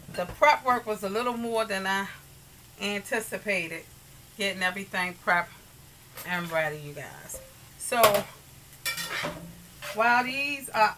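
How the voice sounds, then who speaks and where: Chatting warmly with "you guys," a home cook hosts a relaxed kitchen tutorial as pots, pans and dishes clatter in the background. She speaks a little high with a sharp tone. The recording is low quality and carries slight background noise.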